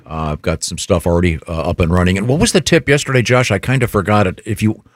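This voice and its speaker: Man, low voice, dry studio sound, rambling talk-radio host. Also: fast, dry recording. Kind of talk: casual morning radio banter.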